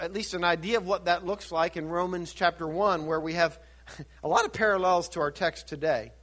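This man preaches with a high, slightly bright voice. Working through scripture, he poses rhetorical questions, answers them himself, and builds toward fervent emphasis.

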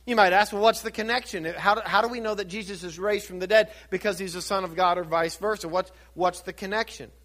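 A man's voice: sits high, steady tone, quick pace, few pauses, fairly bright tone. A man preaching a sermon, teaching through scripture with rhetorical questions and building to fervent emphasis. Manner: asks rhetorical questions and answers them. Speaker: pastor.

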